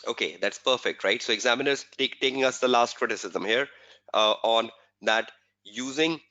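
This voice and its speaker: Male tutor, webinar lecture, bright voice, muffled lo-fi sound, repeats himself. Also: mid-range voice, normal speed. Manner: repetitive, quizzing rhetorical questions. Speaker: exam tutor. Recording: dull lo-fi webinar audio.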